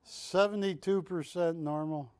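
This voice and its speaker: A man hosting a live shopping channel, pitching art with jokey, teasing sales patter from a television studio. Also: fairly even intonation, a little slow, a little mellow, clean tone, no room sound.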